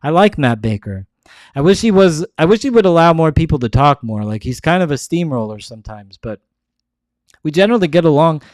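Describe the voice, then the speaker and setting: A man's voice: on the high side, sing-song, brisk, a little mellow, no room sound. A man hosting his show, talking in a casual, rambling monologue full of restarts. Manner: rambling, restarts often, many "like"s. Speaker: show host.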